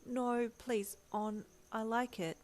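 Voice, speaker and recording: A woman voicing a shy, gentle young man who speaks quietly and hesitantly, reassuring his partner. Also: fairly low pitch, moderate pace, natural voice. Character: shy, gentle young male swordsman, soft-spoken.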